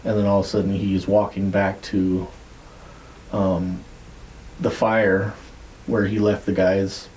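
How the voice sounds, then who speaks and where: A man with a lowish, mellow voice recounts a story in loose podcast chat. He rambles, swears casually and leans on "like" and "uh" as he goes. A faint hiss sits under the voice. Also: flat delivery, slow, low-quality recording. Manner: rambling, profane, many fillers. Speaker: podcast co-host.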